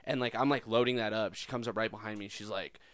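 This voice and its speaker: A man's voice: lowish voice, steady tone, quick pace, a bit bright, no room sound. A young man in casual chat, rambling with lots of filler words and frequent swearing.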